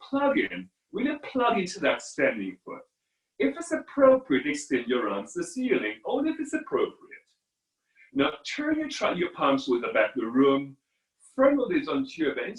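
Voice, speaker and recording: A man teaching a live online yoga class, giving calm guiding cues to his students. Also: high voice. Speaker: yoga instructor. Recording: echoey room from far off.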